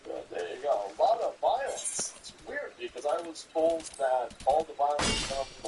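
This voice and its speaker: A man's voice: fairly high pitch, sing-song, moderate pace, hardly any pauses, heavy background noise. A man giving casual, sarcastic, mocking commentary while reacting to videos.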